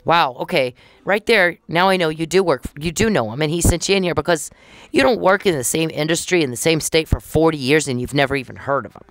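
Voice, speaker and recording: A middle-aged woman hosting a podcast talks fairly quickly in a low voice, recounting events in a chatty, indignant way and acting out conversations with quoted dialogue. The studio sound is clean, with no room sound.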